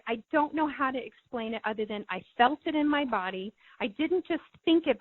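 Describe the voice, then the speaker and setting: A woman's voice: sits high, no room sound. Middle-aged woman telling her story over a thin line. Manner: earnest, repeats words when moved. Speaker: podcast guest. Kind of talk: emotional personal storytelling. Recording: thin phone-like line, dry.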